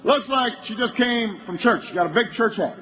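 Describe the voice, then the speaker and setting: A man with a strikingly high voice tells a long story at a campaign rally. He works slowly toward bursts of shouting, and a faint ambient hum runs underneath. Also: dull audio. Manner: anecdotal storytelling that builds to shouting. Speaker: politician.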